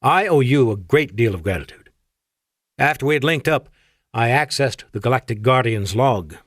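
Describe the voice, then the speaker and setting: A man voicing an ancient, courteous alien admiral with an Afrikaans-tinged accent and formal, measured speech. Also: mid-range voice, lively intonation, fairly bright tone, no echo, studio quality. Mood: grave.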